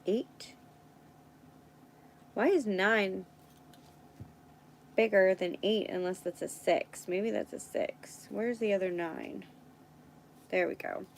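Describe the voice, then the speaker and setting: A woman's voice: mid-range voice, slow pace, long pauses, a little hiss or hum, poor audio. A woman hosting a casual live stream, thinking aloud as she works and chatting with viewers. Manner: thinks aloud while working, chats with viewers.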